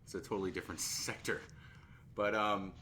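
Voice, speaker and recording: A man hosting a casual podcast chat who keeps jumping in with his own asides and laughs. His voice is fairly low but bright and forceful. Faint steady noise sits under the recording. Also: a little fast. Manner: chatty, interjects, laughs often. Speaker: podcast host. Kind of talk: casual conversation.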